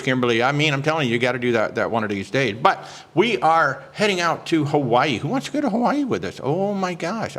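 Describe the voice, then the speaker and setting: Guy doing a live cruise chat stream, super excited, lots of uhs, just a regular middle voice. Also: medium pitch, a little hiss or hum. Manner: excitable and chatty, greets viewers by name, many filler words. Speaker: travel agent hosting a live cruise Q&A.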